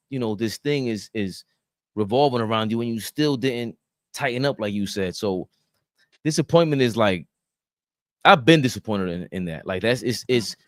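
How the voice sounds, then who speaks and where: A man's voice: medium pitch, no echo. Laid-back man chatting sports, dry close mic. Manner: loose, laughing, profane banter. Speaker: sports talk host. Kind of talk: casual sports chat.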